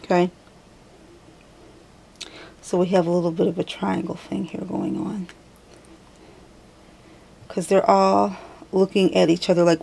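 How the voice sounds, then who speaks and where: Slow, gravelly-voiced woman reading tarot. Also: on the low side, level tone, a little mellow. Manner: chatty, thinks aloud, self-correcting. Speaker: tarot reader. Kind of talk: casual tarot reading to camera.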